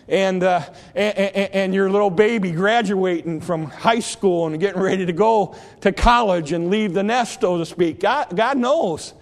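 A man preaching a sermon with impassioned, repetitive delivery that swells and then hushes. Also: high-pitched, measured pace, gravelly, few pauses, in a large hall.

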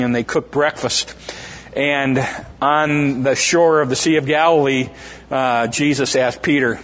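A man's voice: mid-range voice, big-room sound. A man preaching an informal sermon, retelling scripture in a conversational way with fillers and restarts, acting out the quoted voices.

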